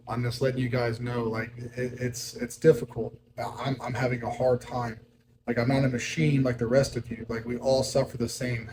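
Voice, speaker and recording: A man's voice: mid-range voice, noisy background. Hungry, irritable man venting. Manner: frank, rambling, repeats himself. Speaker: fitness vlogger on a diet. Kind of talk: casual vlog talk to camera.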